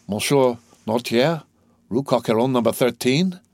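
A man's voice: mid-range voice, a little mellow, no echo, clean studio sound, lightly acted. A man voicing a stern, formal magistrate. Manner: measured, stiff, formal. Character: anxious stern male magistrate. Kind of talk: audiobook character voice.

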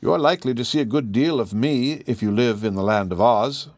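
A man voicing a meek, mild-mannered male lion in a storybook reading, speaking politely and gently. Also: mid-range voice, fairly quick, dry recording, studio quality, natural voice.

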